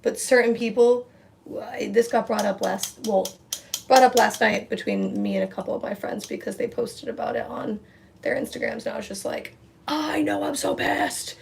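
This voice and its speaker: A woman's voice: a little high, steady tone, moderate pace, creaky, a little hiss or hum. A young woman in a casual livestream at home, ranting frankly with lots of fillers and swearing while she does her makeup. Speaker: livestream host. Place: home room.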